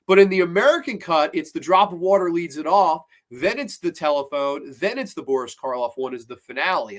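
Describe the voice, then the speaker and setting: Guy reviewing horror flicks, kinda high voice, hyped and rambly, cusses a bit. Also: a bit bright. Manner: enthusiastic, rambling, with swearing. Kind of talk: casual film review.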